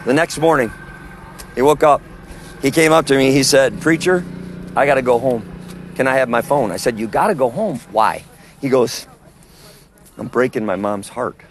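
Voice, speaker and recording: A man's voice: mid-range voice, moderate pace, long pauses, a little hiss or hum. A man preaching in the open air, telling stories emphatically and acting out the dialogue. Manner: storytelling, emphatic, quotes others in dialogue. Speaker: street preacher.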